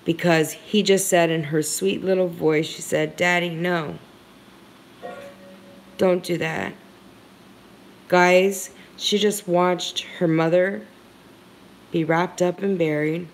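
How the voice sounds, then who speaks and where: A woman's voice: on the low side, fairly even intonation, slow, darkish tone. A woman hosting a livestream, talking to her viewers in an earnest, heartfelt and emphatic way. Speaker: livestream commentator. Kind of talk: emotional commentary livestream.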